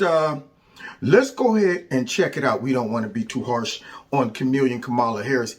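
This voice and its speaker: Mocking, animated male commentary host. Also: mid-range voice. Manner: mocking, sarcastic, emphatic and repetitive; casual, colloquial speech. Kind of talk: opinion commentary vlog.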